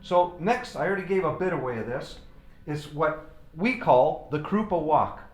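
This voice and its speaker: A man's voice: on the high side, lively intonation, moderate pace. A man giving a drum lesson, explaining stickings step by step between bursts of playing. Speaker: drum teacher. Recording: echoey room with drums.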